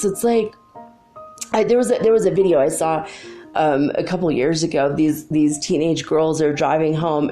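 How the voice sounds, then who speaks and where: A middle-aged woman with a lowish voice chats casually, giggling and animated as she tells her stories. Faint music plays underneath. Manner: giggly, animated storytelling, frequent "like". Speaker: spiritual channel host. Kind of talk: casual monologue.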